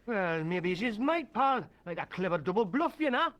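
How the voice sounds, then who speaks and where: An actor playing a drunk, friendly football fan with a Geordie accent, talking in boisterous banter. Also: male voice, high-pitched, very animated, moderate pace, fairly bright tone. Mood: rowdy.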